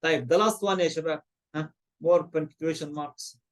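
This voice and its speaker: A man's voice: on the high side, fairly even intonation, fast. A man with an Arabic accent teaching an online English class, mixing in Arabic and quizzing his students. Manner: switches between English and Arabic, asks students questions.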